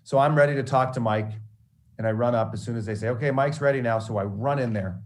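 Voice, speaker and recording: Fast-talking and fairly low-pitched, a sportscaster mentors a room of students with frank, animated anecdotes about mentors and failure. His telling is peppered with restarts.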